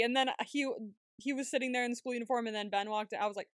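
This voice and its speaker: A woman co-hosting a podcast, chatting casually in an animated way, laughing often and swearing freely. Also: high voice, quick pace, dry recording, clean studio sound. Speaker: podcast co-host. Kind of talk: casual recap chat.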